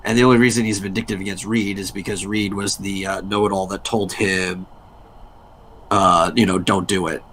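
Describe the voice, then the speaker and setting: Low-voiced, easygoing co-host. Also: male voice, level tone, normal speed, fairly bright tone, slight background noise. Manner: easygoing, thoughtful, uses fillers. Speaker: livestream co-host. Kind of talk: casual livestream chat.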